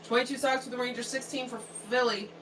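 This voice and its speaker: A woman co-hosting a casual hockey watch-along livestream, reading viewer comments aloud and answering them sympathetically. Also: a little high. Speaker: livestream co-host reading chat. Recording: distant mic with noisy background.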